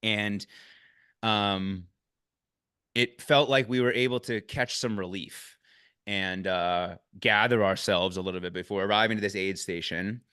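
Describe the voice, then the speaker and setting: A man in casual chat recapping an ultramarathon, getting loud and high when excited and swearing freely. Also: measured pace, clear, resonant tone, dry recording, studio quality. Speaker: podcast host recapping a race.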